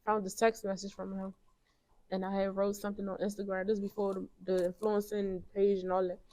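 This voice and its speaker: A young woman speaking as an interview guest, halting and emotional as she talks about a painful loss. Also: medium pitch, level tone. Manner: soft-spoken, halting, grieving. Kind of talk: emotional personal conversation.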